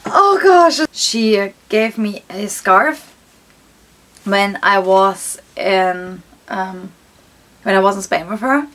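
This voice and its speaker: A woman's voice: medium pitch, steady tone, slow, fairly bright tone. A young woman vlogger talking casually as she opens presents, chatty and gushing. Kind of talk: casual unboxing vlog.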